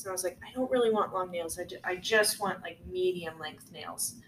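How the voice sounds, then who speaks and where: Young woman, podcast co-host, chatty, animated storytelling, roomy sound. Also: on the low side, brisk. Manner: chatty, lots of "like", animated retelling. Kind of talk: casual chat, storytelling. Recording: echoey room, faint noise.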